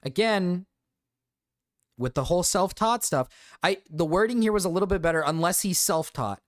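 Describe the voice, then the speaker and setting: A man's voice: sits high, lively intonation, normal speed, dry recording, studio quality. Brief: male streamer, profane sarcastic reaction rant. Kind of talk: reaction commentary.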